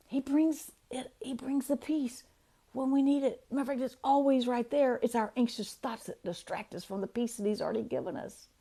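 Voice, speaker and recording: Woman, devotional speaker, warm mellow tone, casual and chatty. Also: fairly high pitch, gravelly, husky. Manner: chatty, laughs often, reads verses slowly.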